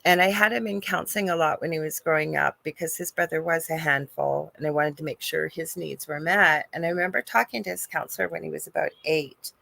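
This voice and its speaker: Gravelly-voiced woman telling stories. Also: sits low, no room sound. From Canada. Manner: chatty, storytelling, animated. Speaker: psychic medium guest. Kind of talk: casual podcast chat.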